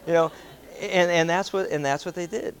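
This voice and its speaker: Talking at normal speed in a slightly high voice, a man shares a casual story with a group. He stays animated throughout, performing the quoted voices and chuckling between lines.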